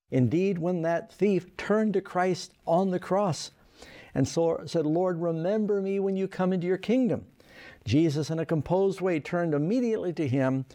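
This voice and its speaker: A man's voice: fairly high pitch, warm tone. A man preaching a sermon, reading scripture aloud and stressing key lines with earnest emphasis.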